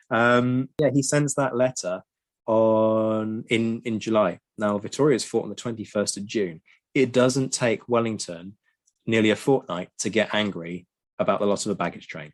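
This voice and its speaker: Low-voiced man explaining history. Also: moderate pace. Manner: lively, ranting, frequent ums. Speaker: podcast co-host. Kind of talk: explaining history in casual chat.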